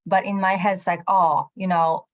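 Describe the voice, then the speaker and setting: A woman casually telling a personal story on a video call, talking quickly and acting out the voices of the people she quotes. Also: on the low side, fairly even intonation, highs cut off. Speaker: live Q and A participant.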